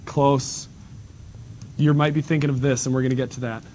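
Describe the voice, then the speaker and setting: A male math teacher teaching in a classroom, quizzing students and repeating key points in a brisk way. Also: mid-range voice, level tone, a little mellow. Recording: dull lo-fi classroom recording with noise.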